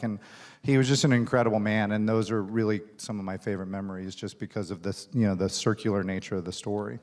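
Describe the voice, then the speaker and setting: Low-voiced man telling a career story. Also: steady tone, fast, darkish tone. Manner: anecdotal, self-deprecating, many fillers. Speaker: studio executive, keynote guest. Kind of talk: onstage conversation, storytelling. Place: conference stage.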